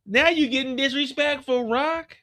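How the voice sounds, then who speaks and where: A man's voice: very high voice, moderate pace, sharp tone, no echo, clean studio sound, pitched above the performer's own voice. A man playing a cocky, flirtatious male street hustler who taunts and laughs, recapping a TV show. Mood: taunting. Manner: swaggering, taunting, laughing at her.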